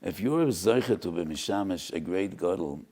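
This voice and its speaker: Older rabbi, mellow dark tone, earnest and emphatic lecturing. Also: male voice, sits low, animated, normal speed. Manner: earnest, builds to emphatic rises. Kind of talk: Torah lecture.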